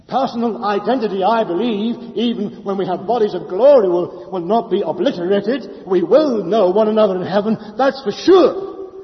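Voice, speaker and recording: A man preaching a sermon, swinging between loud declarations and hushed speech. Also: high-pitched, normal speed. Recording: lo-fi with long hall reverb.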